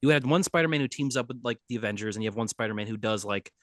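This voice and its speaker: A man's voice: fairly low pitch, very fast, dry recording, studio quality. A man co-hosting a comic book podcast, talking in a loose, rambling, jokey way and laughing often. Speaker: podcast co-host. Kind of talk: casual chat.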